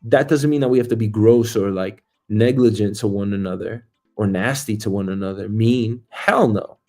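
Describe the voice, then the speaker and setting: A man's voice: on the low side, normal speed, a little mellow. A man hosting a news talk stream as a comedian, rambling and swearing freely, with lots of filler words. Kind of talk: casual profane commentary.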